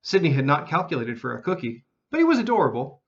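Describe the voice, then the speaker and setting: A man narrating a children's storybook in an expressive, animated reading style. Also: fairly high pitch, fast talker, dull audio.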